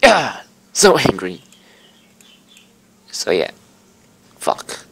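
Rambling gravelly-voiced lets-play guy. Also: fairly low pitch, huge pitch swings, very slow, a bit bright, a little hiss or hum. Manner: rambling, swearing, scatterbrained. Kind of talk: casual game commentary.

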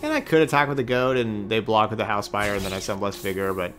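A man's voice: on the low side, expressive, quick pace, a bit bright, soft background music. A man streaming a card game, giving casual commentary as he plays, thinking aloud and correcting himself as he goes.

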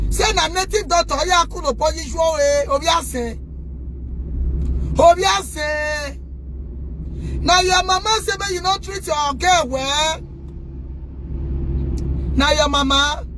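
A Nigerian woman rants straight to the camera with a very high, piercing voice. She scolds loudly and indignantly and keeps turning to her viewers to take her side. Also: slight background noise. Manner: scolding, loud and indignant, addressing viewers directly. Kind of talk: impassioned rant to the camera.

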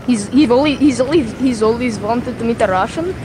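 A woman's voice: fairly high pitch, background noise. A woman teasing strangers in a casual online game voice chat, speaking through a headset. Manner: playful, teasing.

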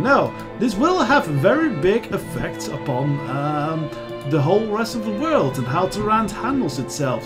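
Animated high-voiced game commentator. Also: male voice, a little slow, music in the background. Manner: rambling, animated, lots of fillers. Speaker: let's play host.

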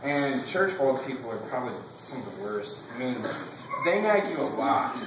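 A man's voice: medium pitch, sing-song, normal speed, heavy reverb, distant mic, background noise. A young man giving a casual class speech. He rambles, fills his talk with "like" and laughs between his points.

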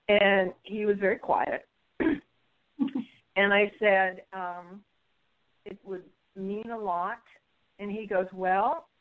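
A woman guest telling a personal story in an interview, bubbly and animated, acting out what others said. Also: medium pitch, narrow, tinny audio. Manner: bubbly, animated storyteller who acts out quoted voices.

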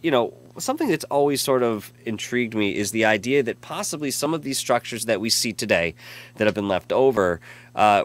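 A man hosting a casual live stream, rambling and effusive as he reads out chat messages and thanks viewers. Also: fairly low pitch. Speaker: live show host.

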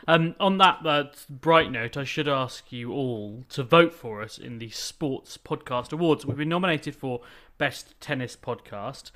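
A man's voice: medium pitch, a little slow, fairly bright tone. A man hosting a casual podcast, chatty and self-deprecating, laughing easily. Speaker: podcast host.

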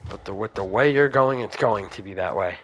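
A young man giving casual let's play commentary, chatting to the game's characters and breaking into excited shouts. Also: lowish voice, fairly quick, a little hiss or hum. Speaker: gamer.

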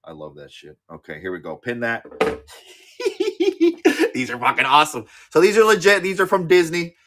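A man in his thirties hosting a live-auction stream in casual chat, excitable, swearing freely and often repeating his words. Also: a little high, normal speed. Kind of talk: casual livestream sales chat.

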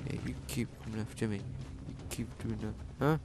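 A man giving let's-play commentary, swearing constantly and yelling at enemies in the game. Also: fairly low pitch, level tone, moderate pace, very noisy. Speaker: gameplay commentator.

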